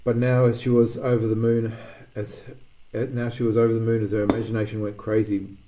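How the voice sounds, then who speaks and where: Male storyteller, low and mellow, casual reading with slips. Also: level tone, a little fast, rough recording. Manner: reads with restarts and small slips. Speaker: narrator. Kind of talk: storybook narration.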